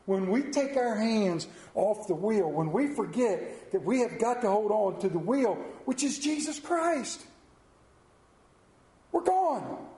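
Man, pastor giving a sermon: high, mellow voice, echoey church room, swings from hushed to loud. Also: sing-song, slow.

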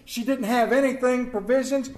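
Male preacher, hushed dramatic sermon, high mellow voice, echoey room. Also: steady tone, normal speed.

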